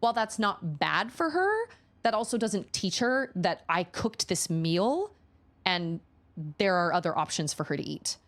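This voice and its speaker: A woman streamer chatting casually with her viewers, a lively storyteller who acts out the lines she quotes. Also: mid-range voice, measured pace.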